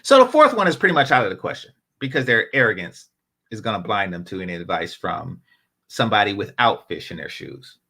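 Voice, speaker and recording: Animated, bright-voiced man riffing profanely. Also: on the low side, fairly quick, vocal fry, breathy edge. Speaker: panel commentator. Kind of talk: casual commentary.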